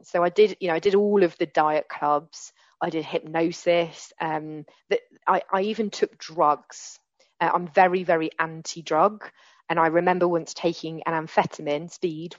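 A woman's voice: low voice, no echo, dull audio. A woman in her forties telling her recovery story candidly and earnestly, often restarting her sentences. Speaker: recovery speaker. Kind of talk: personal testimony.

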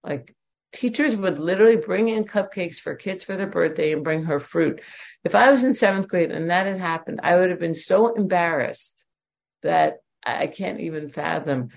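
A woman's voice: on the low side, normal speed, creaky. A woman in her forties sharing a candid, emotional personal testimony with self-deprecating humor at a recovery meeting. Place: at home.

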